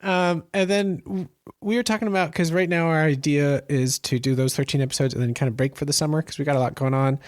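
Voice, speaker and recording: A man co-hosting a podcast in casual chat, relaxed and laid-back. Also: fairly high pitch, fast talker, few pauses, no echo, clean studio sound. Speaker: podcast co-host.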